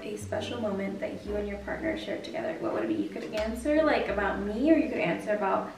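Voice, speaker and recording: A woman's voice: mid-range voice, fast talker, crowd noise. A young adult woman, tipsy and giggly, telling stories with animation in a casual chat between friends at home. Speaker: guest, best friend. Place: indoors at home. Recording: echoey room, from far off, music behind.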